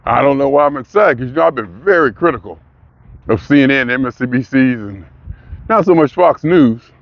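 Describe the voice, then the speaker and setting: A man's voice: medium pitch, lively intonation, fairly quick, gravelly, no echo, muffled recording. A man in a casual monologue, rambling and questioning himself, sometimes mocking others in put-on voices. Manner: rambling, self-questioning, restarts often. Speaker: vlogger.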